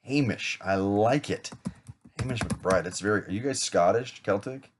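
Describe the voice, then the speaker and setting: A man's voice: on the low side, moderate pace, noisy background. A man acting as an insurance agent in a practice sales role-play, talking casually with small jokes and self-corrections. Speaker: insurance agent rehearsing a client pitch.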